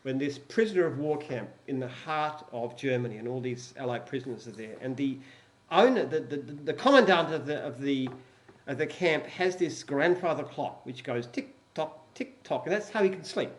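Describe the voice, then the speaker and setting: A man's voice: medium pitch, lively intonation, normal speed. An older man, a company founder, talking casually on a live stream, stumbling and repeating words as he tells a story. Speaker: company founder answering questions.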